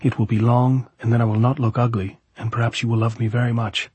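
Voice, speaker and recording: A man's voice: mid-range voice, level tone, fast, breathy edge, dry recording. A man reading as an adoring young woman. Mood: eager. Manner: earnest, soft, old-fashioned speech.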